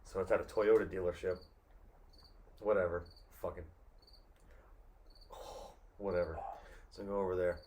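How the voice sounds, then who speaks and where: A man's voice: deep voice, level tone, moderate pace, long pauses, a little mellow. A man co-hosting a casual podcast, rambling through a family story and swearing often. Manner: rambling, swears a lot, acts out family quotes. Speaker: podcast co-host. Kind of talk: casual profane chat.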